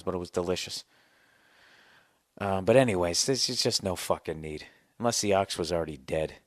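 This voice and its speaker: Profane, ranting man with a very low voice. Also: no echo, clean studio sound. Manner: profane, ranting, sarcastic storyteller. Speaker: podcast host. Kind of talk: comedic podcast monologue.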